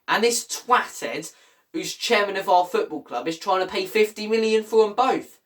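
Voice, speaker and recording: Ranting football fan host. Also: male voice, recorded from a distance. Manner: angry, exasperated, swings from low mutter to loud outbursts.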